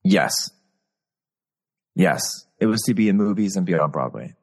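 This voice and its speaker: Man, very deep voice, from Texas, candid storyteller, video call, reverberant. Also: expressive, normal speed, a little mellow, slightly rough. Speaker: guest performer. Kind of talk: casual interview chat.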